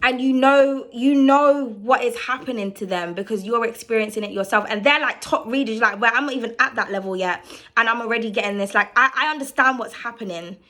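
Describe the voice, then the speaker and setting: A woman's voice: on the high side, brisk, sharp tone. A young British woman, a tarot reader and channel host, ranting bluntly to camera in a casual monologue, swearing freely and filling her talk with asides.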